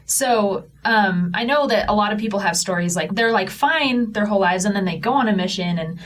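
A woman's voice: medium pitch, a little fast, fairly bright tone. A woman co-hosting a casual interview, chatty and full of "like" fillers. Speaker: podcast co-host.

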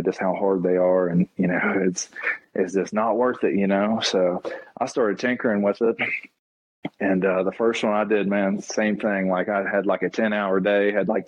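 This guest is a taxidermist in his thirties whose stories wander casually, with plenty of "you know" and "man" thrown in during the interview. He speaks on the low side in a dry recording of dull, lo-fi podcast quality.

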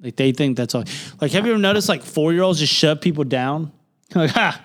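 A man's voice: on the high side, animated, brisk. Profane young man telling loose stories. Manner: loose, profane storytelling with lots of "like". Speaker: podcast co-host. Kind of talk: casual chat.

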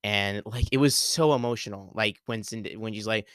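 A man's voice: lowish voice, moderate pace, a bit bright, no echo. A young man hosting a podcast alone, rambling through a casual spoiler talk with many fillers and restarts. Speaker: podcast host.

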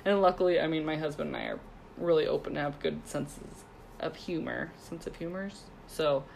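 A woman's voice: low voice, fairly even intonation, brisk, vocal fry, darkish tone, slight background noise. A woman in her thirties, co-hosting a podcast and telling a funny story in a giggly, chatty way, with lots of "like". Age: 30s. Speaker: podcast co-host. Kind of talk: casual chat and storytelling.

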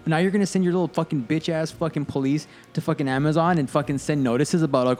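A man's voice: fairly high pitch, fast talker, few pauses, darkish tone, soft background music. A man co-hosting a casual gaming podcast, talking in heated, profane rants. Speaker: podcast co-host.

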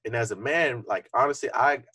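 A young man speaking fast in a relaxed, earnest podcast chat, his voice a little husky. He reflects openly and keeps the talk loose with fillers. The sound is close and dry, with no room around it. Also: mid-range voice, no room sound. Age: young adult. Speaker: podcast co-host. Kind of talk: casual podcast conversation.

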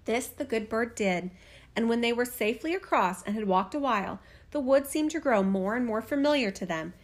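A woman narrating a fairy tale in a steady, expressive storytelling voice. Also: on the high side, moderate pace. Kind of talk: fairy tale read-aloud.

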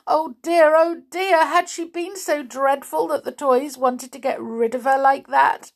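A woman reading a children's storybook aloud in an expressive, animated way. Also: high voice, measured pace, vocal fry.

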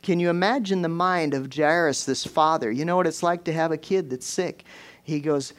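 A man's voice: fairly high pitch, moderate pace. A man preaching a folksy, conversational sermon, rising into fervent exclamations as he drives his points home.

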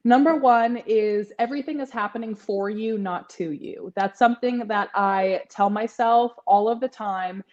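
A woman's voice: medium pitch, normal speed, hardly any pauses, a little mellow, lo-fi sound. A woman in her twenties, a podcast guest, talking in a chatty way with lots of fillers and frequent laughter. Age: 20s. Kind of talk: casual interview chat.

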